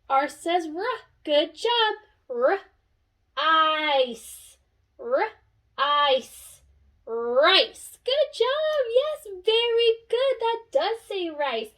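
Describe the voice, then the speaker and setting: A young woman teaching a phonics lesson, sounding out letters slowly and praising an imagined class. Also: high voice. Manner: slow, sing-song classroom praise and sounding out.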